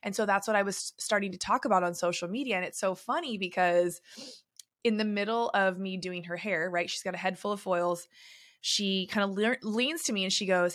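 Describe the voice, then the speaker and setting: A woman's voice: mid-range voice, a little fast, no room sound. Woman host, chatty and rambling storyteller, mid-range voice, dry close sound. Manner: chatty, filler-heavy storytelling. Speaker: podcast host and beauty industry coach. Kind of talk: solo podcast monologue.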